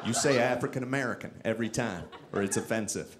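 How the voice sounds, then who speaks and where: A man from Texas doing a stand-up comedy set on a club stage into a handheld mic, with self-mocking, animated delivery. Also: medium pitch, quick pace, very noisy.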